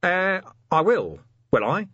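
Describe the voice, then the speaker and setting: A man voicing a gruff, harried male city watch commander who gives curt orders. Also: high-pitched, big pitch swings, slow, a bit bright, no room sound, dull audio, pitched above the performer's own voice, exaggerated voice.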